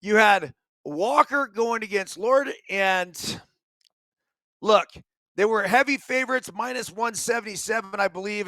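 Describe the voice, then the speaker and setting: A high-pitched middle-aged man delivers a solo sports talk monologue with blunt energy and casual swearing. His voice sits dry and close, with no room echo around it. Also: sharp tone. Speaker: host.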